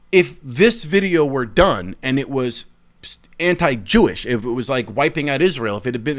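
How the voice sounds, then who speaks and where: A man hosting his own podcast, giving an emphatic, heated commentary monologue with sarcastic asides. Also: on the high side. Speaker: podcast host.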